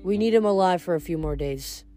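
A woman's voice: on the low side, a little fast, mellow, soft background music, lightly acted. A woman voicing a meek, reluctant male giant who mumbles and sighs, in an audiobook reading. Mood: glum. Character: meek, gloomy male giant twin, soft-hearted.

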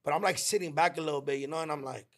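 A man co-hosting a podcast, telling a story in a casual, slangy and heartfelt way, acting out his friends' lines in quick quoted bursts. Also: a little high, vocal fry. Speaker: podcast co-host.

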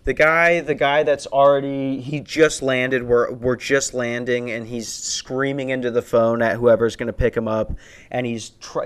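A stand-up comedian in his twenties tells a rambling, profane story that builds into a worked-up rant. His voice is medium-pitched with a clean tone.

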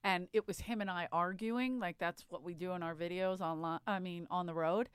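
A woman's voice: lowish voice, fairly even intonation, a little fast, smooth, no echo. A woman comedian, a guest on a podcast, telling rambling, profane stories in casual chat.

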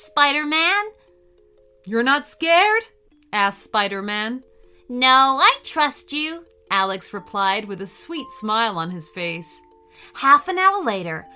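A woman reads a children's adventure story in a slow, unhurried way with a very lively, sing-song melody. Her voice is bright and crisp, and soft music plays faintly underneath. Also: medium pitch. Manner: cheerful, animated storytelling. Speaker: podcast host and storyteller.

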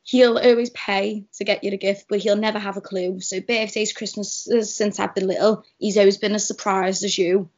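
A woman's voice: mid-range voice, fairly even intonation, moderate pace, hardly any pauses, a little mellow. A young woman from Liverpool with a strong Scouse accent, chatting casually as a podcast guest and rambling with lots of "like". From Liverpool, England. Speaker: guest, radio producer. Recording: dull lo-fi remote call audio.

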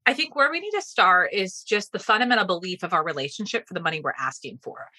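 A woman guest on a podcast interview, a fast-talking, animated storyteller giving advice. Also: mid-range voice, dry recording. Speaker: guest speaking coach.

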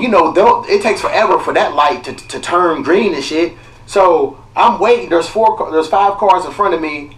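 A podcast host with a slightly high voice tells a story in loose, heated chat, cursing freely. He sits somewhat away from the mic, so he sounds a little distant. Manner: profane, animated, heated retelling.

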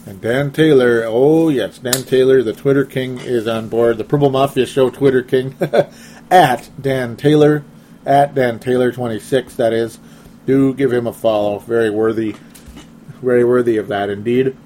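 A chatty man hosts a casual sports talk podcast in a voice of middling pitch. He reads listener comments aloud, laughs often and pokes fun at himself. A faint hiss of noise sits under the recording. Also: fairly even intonation, normal speed, mellow.

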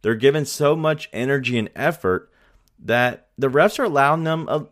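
A man co-hosting a casual sports podcast, talking in a relaxed, rambling way with many fillers. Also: medium pitch, normal speed. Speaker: podcast co-host.

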